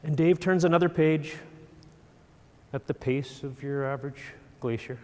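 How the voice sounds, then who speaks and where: A middle-aged man giving a storytelling talk on stage, animated and self-deprecating. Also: a little high, a little slow. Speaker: speaker. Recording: long hall reverb.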